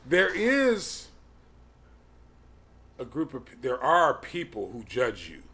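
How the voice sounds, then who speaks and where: A man in his forties teaching a Bible study in a slow, halting way, with many pauses and restarts. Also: medium pitch, huge pitch swings, bright, forceful tone, husky. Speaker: podcast teacher.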